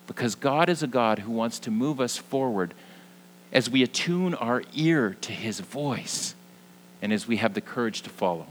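A young man preaching a sermon as pastor, earnest, moving between lively emphasis and hushed, soft passages. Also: medium pitch, a little slow, a little hiss or hum, low-quality recording.

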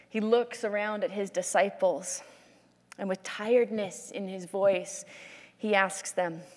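A woman preacher tells Bible stories as if she were directing film scenes, in animated, lively narration. Her pitch sits in the middle, and the sound carries a long hall reverb. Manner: animated storytelling with restarts. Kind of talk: sermon with vivid scene narration.

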